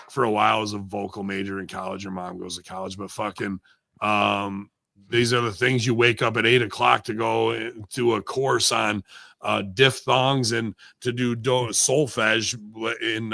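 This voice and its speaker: A man's voice: fairly low pitch, steady tone, normal speed, creaky, bright, forceful tone, no room sound, studio quality. A man in casual chat, ranting animatedly and swearing often. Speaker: wrestling podcast guest.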